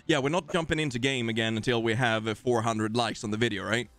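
A man's voice: mid-range voice, fairly even intonation, quick pace, fairly bright tone, no room sound, faint music behind. A man with a Swedish accent hosting a live game stream, casually joking and thanking viewers. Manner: jokey, rambling, thanking viewers. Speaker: streamer host.

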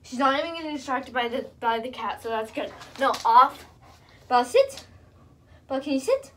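Young female vlogger, high-pitched, chatty and breathless, lots of repeated commands and praise; faint hiss behind. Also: sing-song, moderate pace. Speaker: vlogger training her service dog. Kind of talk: casual home vlog.

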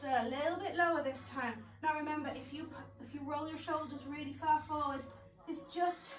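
A woman's voice: high voice, fairly even intonation, a little fast. A woman leading an exercise class, upbeat and encouraging as she counts reps and lets out cheery whoops. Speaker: fitness instructor. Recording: echoey room, voice from a distance. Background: background music.

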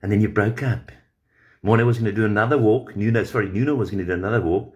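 A man's voice: fairly low pitch, quick pace. A man on a livestream, confronting a rival directly with an angry, profane rant.

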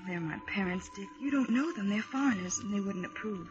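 An actress playing a shy young student in love, speaking softly and earnestly in 1930s radio drama style. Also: female voice, medium pitch, expressive, a little fast, highs cut off, music in the background, lightly acted. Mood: tender. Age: young adult. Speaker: college student.

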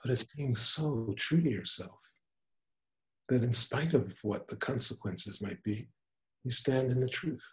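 A man in his seventies, a spiritual teacher talking in an unhurried, gentle storytelling manner. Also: mid-range voice, expressive. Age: 70s. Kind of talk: spiritual conversation.

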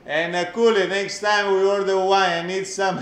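A man's voice: high voice, level tone, normal speed, a bit bright, roomy sound. A man with an Italian accent hosting a live cooking class, joking and exclaiming in Italian.

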